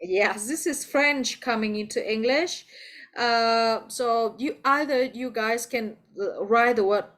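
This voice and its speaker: A woman's voice: on the high side, takes it slowly, a bit bright. A woman with a Vietnamese accent teaching an English class over a video call, patient and encouraging, calling on students by name.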